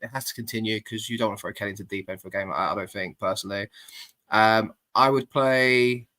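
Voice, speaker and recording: A man's voice: mid-range voice, fairly bright tone. A man hosting a casual football podcast, blunt and laddish, swearing freely, talking over a remote call. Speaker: podcast host.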